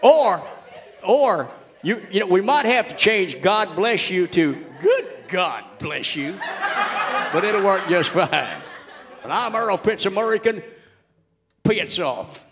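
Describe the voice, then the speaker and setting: A man doing a loud, crude ranting everyman. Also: high-pitched, expressive, slow pace, very noisy, pitched above the performer's own voice. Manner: loud, indignant rant with shouted punchlines. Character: crude, ranting middle-aged American everyman. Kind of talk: comedic monologue.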